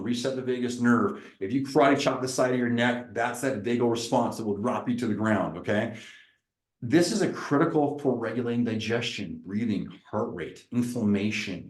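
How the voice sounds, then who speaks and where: A man, a chiropractor, giving an energetic, preacher-like seminar presentation. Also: medium pitch, reverberant, low-quality recording. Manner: lively, preacherly, acts out little dialogues.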